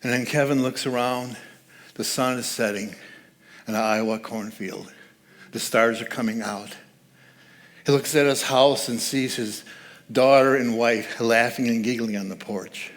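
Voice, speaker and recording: A man's voice: mid-range voice, fairly even intonation, a little slow. A man speaking as guest speaker at a church service, giving a conversational, joking sermon and laughing at his own asides.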